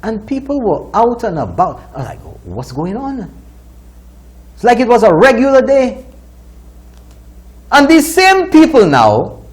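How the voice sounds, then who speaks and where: A man with a Saint Lucian accent, hosting a talk show and delivering indignant opinion commentary. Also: high voice. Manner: indignant, scolding.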